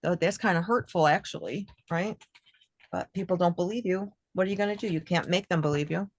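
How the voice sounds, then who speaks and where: A woman talking earnestly and at length in a casual group session, her voice a touch low for a woman. She rambles a little and acts out remembered dialogue. The sound is dry and close. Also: fairly quick, no room sound. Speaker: workshop participant. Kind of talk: casual heartfelt sharing.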